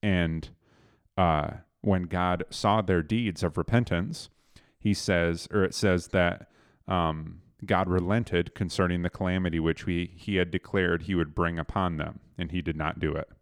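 A man leading a casual Bible discussion, retelling the story in animated, plain speech. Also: low voice, measured pace, clear, resonant tone, no room sound, studio quality.

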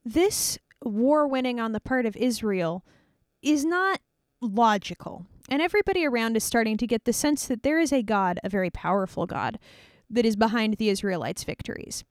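Chatty, animated woman retelling Bible stories. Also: on the high side, normal speed, dry recording, clean studio sound. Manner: chatty, playful, wry asides. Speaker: Bible teacher. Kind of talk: casual Bible story retelling.

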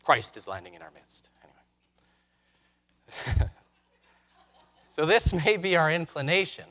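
A man preaching a sermon, reflective, posing rhetorical questions with dramatic pauses. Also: on the high side, very animated, pushed and bright. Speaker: pastor.

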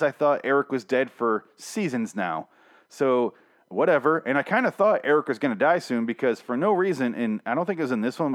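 A young man reviewing a TV episode in a casual, profane, sarcastic rant, full of exasperated complaints. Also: mid-range voice.

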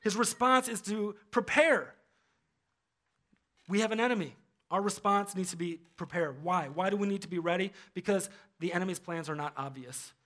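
A man preaching a sermon as pastor, animated and humorous, acting out quoted voices. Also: sits high, normal speed.

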